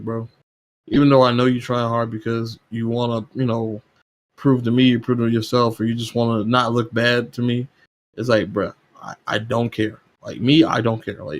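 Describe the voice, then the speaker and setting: In casual conversation as a gaming podcast guest, this man rants heatedly, cursing frequently while his pitch keeps rising.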